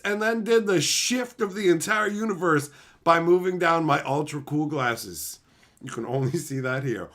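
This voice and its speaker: A man's voice: a little high, normal speed, a bit bright. A man from Canada chatting casually on a livestream, swearing freely and laughing often as he answers his chat. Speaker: streamer reading chat.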